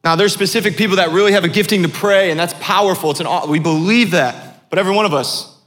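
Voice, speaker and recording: A man's voice: sits high, fast talker, fairly bright tone, big-room sound, faint music behind. A man preaching a sermon as pastor, asking the congregation questions as he goes.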